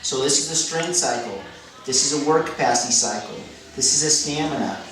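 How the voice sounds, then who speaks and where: A man's voice: medium pitch, fairly quick, a bit bright. Methodical male coach in an echoey room. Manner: methodical, repeats key phrases, self-corrects. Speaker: fitness coach. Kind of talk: explaining a training method. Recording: echoey room, mic at a distance, music behind.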